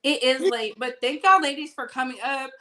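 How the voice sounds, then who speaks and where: A woman hosts a casual livestream, her voice sitting very high and bright with a sharp edge. She talks in an animated, teasing way, trash-talking playfully and breaking into laughter often. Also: moderate pace. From Southern United States. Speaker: livestream host. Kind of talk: casual livestream chat with audience.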